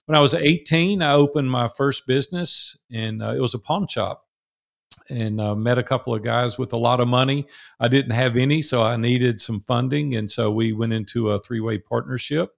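A man in his sixties with a strong Southern drawl and a gravelly edge to his voice. He tells stories in a folksy, animated way, as a guest on a podcast. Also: medium pitch, moderate pace. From Southern United States. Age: 60s. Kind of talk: storytelling interview.

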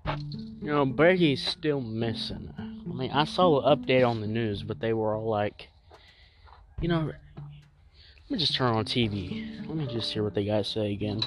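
A man's voice: medium pitch, animated, a little slow, long pauses. Exasperated male music reviewer. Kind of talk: comedic skit monologue. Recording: music playing loudly behind.

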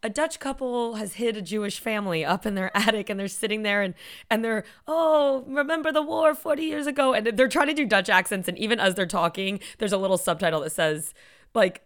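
A woman's voice: medium pitch, fairly quick. A woman co-hosting a casual chat, telling stories with lots of laughter and acting out scenes. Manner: animated, laughing storyteller acting out bits. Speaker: podcast co-host.

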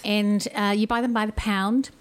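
A woman with a New Zealand accent telling travel stories in a lively, chatty way on a podcast. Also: mid-range voice, clean tone. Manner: lively, chatty storyteller, quick and laughing. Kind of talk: casual chat.

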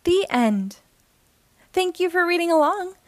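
A woman with a high voice reads a rhyming children's picture book aloud in a gentle, lilting rhythm. The sound is close and dry, with no room echo. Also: expressive, a little slow.

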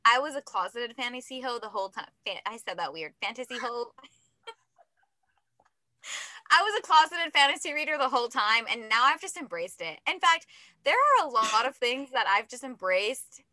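A young adult woman rambles through a podcast tangent with a giggly, self-mocking lilt. Her voice sits a bit high and sounds bright. The recording is close and dry. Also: sing-song, normal speed, no room sound. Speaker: podcast co-host. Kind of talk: casual chat.

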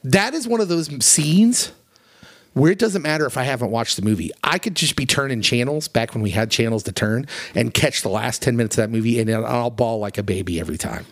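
A man's voice: mid-range voice, expressive, brisk, dry recording. A man co-hosting a podcast, earnestly retelling a story in casual chat with plenty of feeling. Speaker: podcast co-host.

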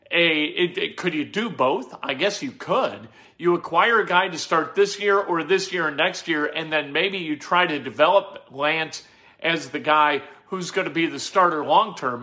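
A man's voice: fairly high pitch, sharp tone. A man hosting sports talk, giving opinionated, rambling commentary full of rhetorical questions and restarts. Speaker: sports radio host. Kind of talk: casual sports commentary monologue.

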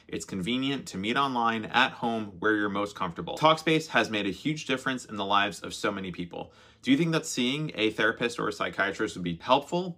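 A man co-hosting a casual podcast chat, who also reads the sponsor ad in a steady, measured way. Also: lowish voice. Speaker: podcast co-host.

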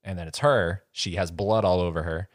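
A man's voice: sits low, normal speed, noisy background. A man in casual chat, rambling as he retells a scene and acts out voices. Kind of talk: casual chat about horror movies.

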